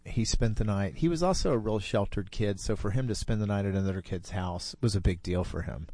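Fifties male storyteller, low and warm, unhurried telling, dry recording. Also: dry recording. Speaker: storyteller guest. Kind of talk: personal storytelling.

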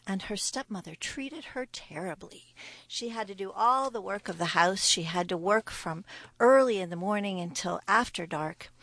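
A woman telling a folktale aloud as a storyteller, expressive, dropping to a whisper now and then. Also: medium pitch, vocal fry, dry recording. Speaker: storyteller guest.

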